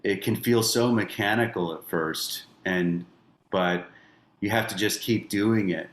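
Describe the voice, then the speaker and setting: A man's voice: lowish voice, unhurried. A middle-aged man, a musician guest, talking thoughtfully on a podcast in loose, meandering phrases. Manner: thoughtful, loose phrasing full of "you know" and "like". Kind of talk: reflective podcast conversation. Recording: roomy echo on voice.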